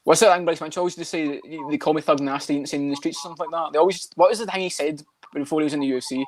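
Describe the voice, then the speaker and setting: A man's voice: fairly high pitch, fairly even intonation. A man co-hosting a casual podcast chat, laughing often and quoting fighters. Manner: fast, laughing, quotes fighters. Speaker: podcast co-host.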